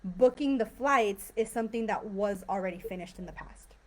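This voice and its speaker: A woman's voice: medium pitch, normal speed. A woman teaching an online English grammar class, explaining patiently with lots of fillers and frequent "right?" checks. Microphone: video call.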